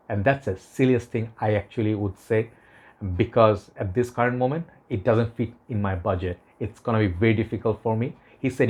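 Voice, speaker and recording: A man's voice: on the low side, brisk, darkish tone. A young man with a Bangladeshi English accent and a Bengali mother tongue, reviewing a perfume in a casual, rambling, earnest way, often tagging sentences with "okay?". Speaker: fragrance reviewer.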